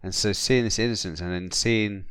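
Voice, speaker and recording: Brief: low, smooth-voiced South London bloke, casual podcast chat, dry close mic. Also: male voice, steady tone, normal speed, a bit bright, no echo. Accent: South London English. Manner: chatty, repeats "yeah" a lot, drops into silly put-on voices. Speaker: podcast co-host.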